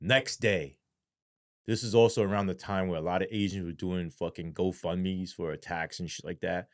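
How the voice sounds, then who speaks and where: Profane storytelling man, casual and animated. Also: deep voice, moderate pace. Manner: profane, animated retelling with acted-out quotes. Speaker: interview guest, former police sergeant.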